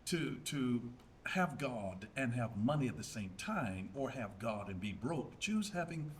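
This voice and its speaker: Measured pastor giving interview answers. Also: male voice, medium pitch, sing-song, a little hiss or hum. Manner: measured, aphoristic, repeats for emphasis. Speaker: pastor and businessman guest. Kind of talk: interview answers, preacher's cadence.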